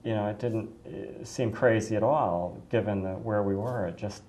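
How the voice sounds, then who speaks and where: A woman's voice: very deep voice, normal speed, warm tone, a little hiss or hum. A middle-aged woman from the United States casually telling a personal story, effusive and rambling, with many restarts and fillers.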